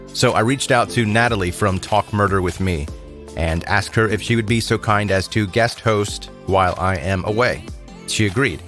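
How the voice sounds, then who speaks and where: A man's voice: lowish voice, fairly bright tone. A man hosting a true crime podcast, introducing a guest host in a friendly, casual way.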